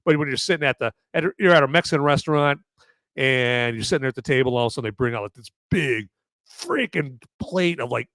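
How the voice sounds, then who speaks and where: A man's voice: mid-range voice, a bit bright, clean tone, dry recording. A man with a sore throat hosting a casual live show, rambling and joking with lots of fillers and restarts. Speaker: podcast host reviewing beer. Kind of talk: casual live-stream chat.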